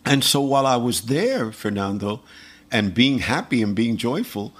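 A man's voice: mid-range voice, normal speed. A man, a percussionist and singer, telling stories in a casual interview, acting out the dialogue and chuckling as he goes. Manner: animated anecdote-telling with quoted dialogue and chuckles. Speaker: guest musician, percussionist and vocalist.

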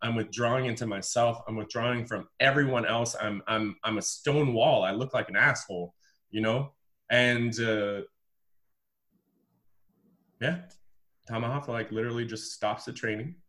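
A man from the United States, a former pro volleyball player, telling his story as a podcast guest in an emphatic, animated, casual way. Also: medium pitch, normal speed, long pauses. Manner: emphatic and animated, repeats words, says "bro".

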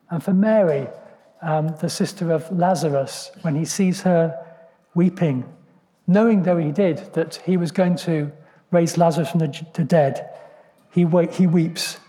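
A man delivers an earnest, reflective sermon, his voice sitting a little high but mellow in tone. He often pauses with ums and restarts phrases, and his words ring out with a long reverb like a church hall. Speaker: preacher.

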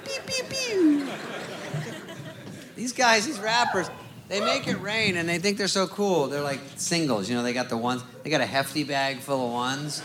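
A man's voice: a little high, normal speed. A man doing a stand-up routine, acting out the people in his stories. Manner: animated, acts out characters, laughing. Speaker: stand-up comedian. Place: comedy club stage. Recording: loud crowd and noise of a live club.

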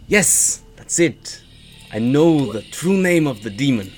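A man voicing a forgetful, jittery tiefling trickster who stammers and swings between loud and hushed. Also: mid-range voice, animated, takes it slowly, faint music behind. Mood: scatterbrained.

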